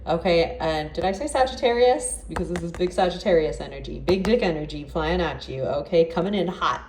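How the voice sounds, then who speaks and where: A woman's voice: on the low side, animated, brisk, darkish tone. A woman giving a casual tarot reading, chatty and exclamatory, with lots of fillers. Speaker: tarot reader. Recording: echoey room, distant mic, faint noise.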